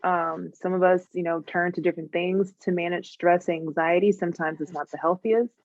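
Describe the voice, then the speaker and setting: A woman hosting a podcast, musing in a relaxed, reflective way. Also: lowish voice, brisk, no echo, lo-fi sound. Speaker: podcast host. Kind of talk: casual conversational interview.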